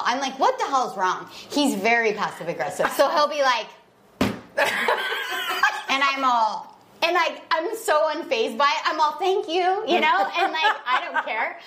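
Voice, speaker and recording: Woman in her thirties, podcast co-host, fairly high voice, chatty storytelling, acts out quotes, faint noise behind. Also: sharp tone. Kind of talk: casual chat.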